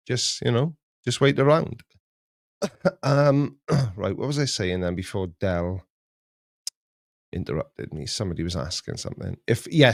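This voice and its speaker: A middle-aged male streamer chats casually on a live stream in a voice on the low side. He rambles chattily and chuckles at his own jokes, with a dry, close sound and no echo.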